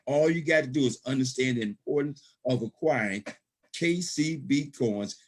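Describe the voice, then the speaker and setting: A man on a video call giving a motivational pitch with emphatic, preacher-like repetition. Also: normal speed. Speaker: gold savings promoter.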